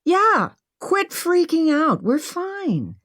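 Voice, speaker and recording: A woman's voice: extremely high pitch, wildly swooping pitch, drawn-out words, fairly bright tone, no room sound, studio quality, voice pushed up, heavily acted. A woman voicing an impulsive, upbeat young woman who brushes off worry, in an audiobook.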